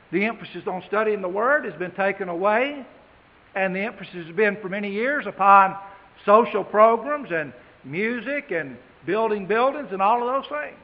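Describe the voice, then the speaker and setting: A man preaching a sermon, reading scripture slowly with emphasis and then talking plainly to his congregation. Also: high-pitched. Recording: dull, echoey hall.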